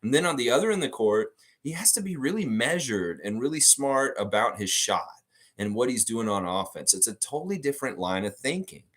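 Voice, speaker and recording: A man hosting a live basketball fan stream, talking casually and bluntly, with plenty of cursing. His mid-pitched voice swings widely up and down as he stresses his points. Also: fairly quick. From United States. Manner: animated, emphatic, blunt, with frequent cursing. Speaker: sports fan show host.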